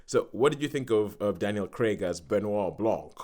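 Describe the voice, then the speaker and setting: A man with a fairly low voice hosts a casual film podcast. He rambles through his points, restarting sentences and laughing as he goes. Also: expressive, normal speed, a crowd in the background. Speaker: podcast host.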